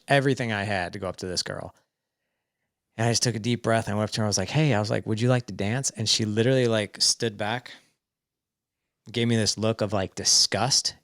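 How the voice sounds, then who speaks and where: Male podcast guest, forties, lower voice, frank storyteller, dry close recording. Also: fairly bright tone, no room sound. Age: 40s. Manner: frank, acts out quoted dialogue. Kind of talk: candid personal storytelling.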